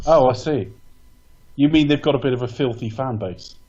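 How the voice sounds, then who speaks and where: Wry man, mellow dull-toned voice. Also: mid-range voice, normal speed. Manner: wry, joking, talks in long rambling turns. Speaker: podcast co-host. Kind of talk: casual film review chat.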